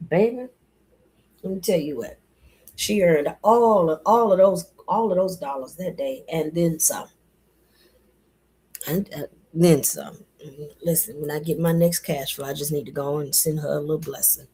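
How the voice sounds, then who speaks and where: A woman giving a casual spoken affirmation talk in a folksy, animated way, calling listeners baby and y'all. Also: low-pitched, moderate pace, slightly rough. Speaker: motivational speaker.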